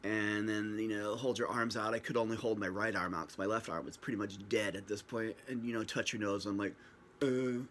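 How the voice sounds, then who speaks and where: A man with a fairly low voice tells his own story to a camera at home, rambling and joking as he acts out what people said. He is recorded on a built-in camera mic, with a faint hiss behind him. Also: steady tone, brisk, few pauses, a bit bright. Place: at home, facing a screen camera.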